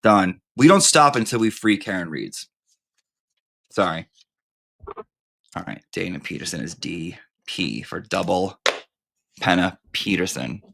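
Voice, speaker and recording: A man's voice: low-pitched, lively intonation, unhurried, creaky, pauses often, fairly bright tone. A man hosting a live stream in casual chat, campy, profane and rambling.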